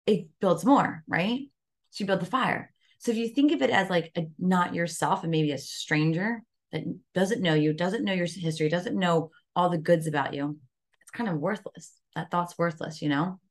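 A woman's voice: lowish voice, moderate pace. A woman guest on a podcast, talking casually about self-care and often asking "right?" as she goes. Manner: conversational, frequent "like" and "right?" fillers. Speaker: podcast guest, wellness coach.

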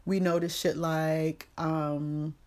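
A low-pitched woman recaps a movie for her podcast, swearing freely and using plenty of slang. She talks casually and acts out the characters' lines as she goes. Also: little pitch movement, slow, darkish tone. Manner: profane, slangy storytelling with quoted voices. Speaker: podcast host.

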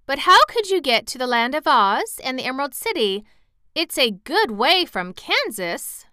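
A woman's voice: high-pitched, big pitch swings, normal speed, pushed and bright, clean tone, no echo, clean studio sound, voice pushed up, exaggerated voice. A woman reading aloud and voicing a polite, curious little farm girl in a storybook, earnest and wondering.

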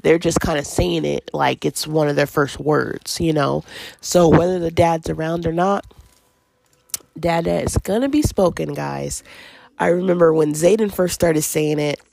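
A woman's voice: low-pitched, a little slow, vocal fry, a little mellow, no echo. A woman hosting a casual parenting podcast, chatting loosely with many fillers and laughs while at home with her toddler. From Washington. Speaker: podcast host.

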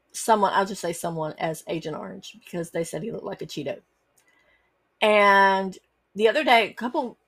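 A woman's voice: on the low side, a bit bright. A middle-aged woman, hosting a personal storytelling podcast and talking earnestly, with frequent fillers and restarts. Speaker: podcast host.

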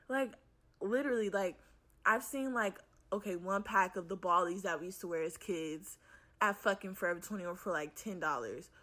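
Young woman ranting, profane and exasperated. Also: medium pitch. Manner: frank and profane, heavy use of "like"; animated, exasperated. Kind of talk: casual ranting monologue to camera.

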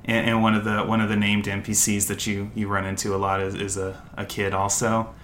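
A young American man co-hosts a podcast, chatting casually and rambling with plenty of fillers and restarts. His fairly low voice is completely flat, fairly quick and a bit bright. There's a little hiss or hum in the recording.

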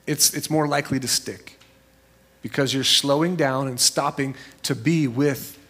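A man preaching a sermon as a pastor, conversational and storytelling, jumping into high voices when he quotes people. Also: steady tone, measured pace, fairly bright tone, husky.

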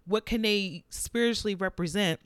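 A woman's voice: medium pitch, moderate pace, smooth, dry recording, studio quality. A woman hosting a faith podcast, talking candidly and reflectively about her own struggles in a confessional monologue. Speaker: podcast host.

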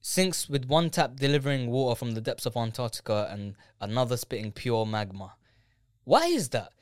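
A young man with a London accent in casual chat, telling animated stories, laughing often and acting out what people said. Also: mid-range voice, normal speed. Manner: animated storyteller, laughs often, acts out quotes.

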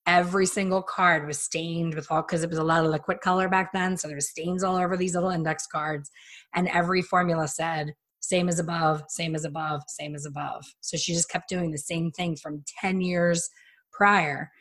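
A woman in her fifties tells salon stories in a loose, chatty way, often slipping into the voices of the people she quotes. Her voice sits on the low side for a woman. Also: moderate pace. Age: 50s. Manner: animated storyteller who acts out quotes. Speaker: hairstylist and podcast host. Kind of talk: casual storytelling chat.

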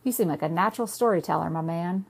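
A woman's voice: on the low side, fast talker, gravelly, husky. A woman reading a cocky, smirking young man. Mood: smug.

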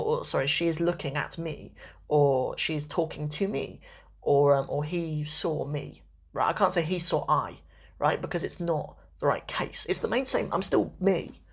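A relaxed language teacher talks through grammar in a loose, conversational way, checking in with "right?" again and again. The voice has a gravelly edge and a husky grain. The pitch sits in the middle. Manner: chatty, many fillers and "right?" tags. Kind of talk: casual spoken grammar lesson.

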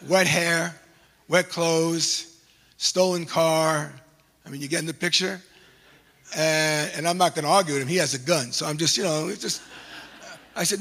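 A male pastor who preaches through a funny personal story, animated and self-mocking. His voice is high and gravelly with a husky edge. It rings out in a long, reverberant hall. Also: normal speed, long pauses. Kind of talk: storytelling sermon.

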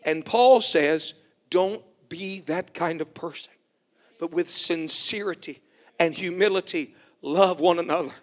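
A middle-aged man preaching a sermon. He calls for amens, jokes folksily, and swells to shouts. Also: on the high side, unhurried. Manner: folksy, joking asides.

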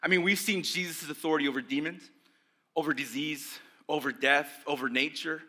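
Bright, lively young preacher. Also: male voice, a little high, brisk. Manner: conversational, animated, acts out voices of religious leaders. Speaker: pastor. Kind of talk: sermon.

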